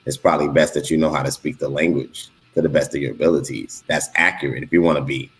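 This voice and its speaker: A man's voice: a bass voice, fairly even intonation, fast. A man from Los Angeles in a casual panel discussion, asking questions hesitantly with many fillers. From Los Angeles, USA.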